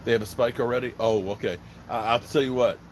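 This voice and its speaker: A man's voice: medium pitch, fairly even intonation, brisk, a little hiss or hum, low-quality recording. A man from Virginia hosting a casual live stream, talking bluntly and rambling, swearing freely. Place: outdoors by a smoker fire.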